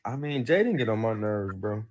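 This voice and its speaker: A man's voice: fairly low pitch, big pitch swings, moderate pace, darkish tone. A man talking loosely on a livestream, laughing often and swearing freely as he rambles. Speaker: livestream host reacting to family drama. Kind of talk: casual livestream talk. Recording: dull lo-fi sound.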